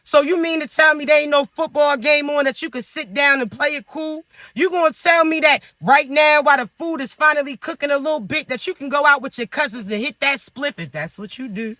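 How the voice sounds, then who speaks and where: A man's voice: very high-pitched, brisk, pushed and bright, dry recording. A man giving spiritual advice in a monologue, scolding the listener with teasing rhetorical questions. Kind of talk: motivational monologue to viewers.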